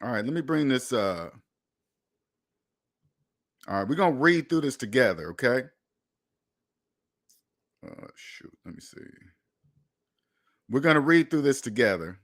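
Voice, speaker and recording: In a mid-range, sing-song voice with a fairly bright tone, the finance host speaks a little slowly and leaves long pauses. His casual monologue addresses viewers head-on, hammering points again and again and swearing from time to time.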